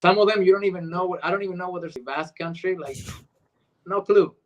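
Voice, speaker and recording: A man's voice: high-pitched, fast talker, muffled recording. A middle-aged man from Argentina with an Argentine Spanish accent, chatting as a voice actor guest in an interview. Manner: animated, switches into Spanish accents to demonstrate. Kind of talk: casual interview chat.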